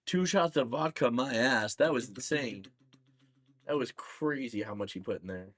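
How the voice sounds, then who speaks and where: A man's voice: medium pitch, normal speed. A man co-hosting a casual podcast, teasing and telling stories with energy. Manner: teasing, animated storytelling. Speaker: podcast co-host. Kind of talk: casual chat.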